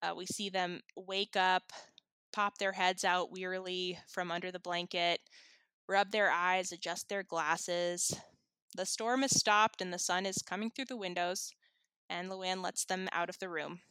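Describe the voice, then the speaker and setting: A woman co-hosting a podcast, recapping an episode in relaxed storytelling with small laughs. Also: on the low side, unhurried, smooth, no echo. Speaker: podcast co-host.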